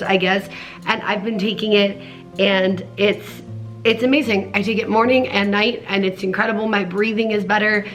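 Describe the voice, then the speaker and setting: A woman's voice: mid-range voice, a bit bright. A young woman talking earnestly and emotionally in a casual personal vlog at home, rambling with many restarts. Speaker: vlogger.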